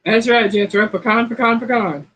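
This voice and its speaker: A woman's voice: a little high, moderate pace, a bit bright, poor audio. A middle-aged woman, hosting a casual live-stream chat and reading quiz questions in a folksy, playful way. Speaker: host of a cooking channel's live chat.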